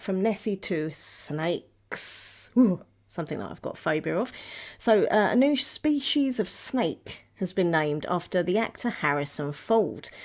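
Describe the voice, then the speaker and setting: A woman hosts her own podcast, chatting away casually and rambling from one thing to the next with frequent giggles. Her voice sits slightly low and carries a gravelly fry. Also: darkish tone. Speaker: podcast host. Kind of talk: casual solo chat.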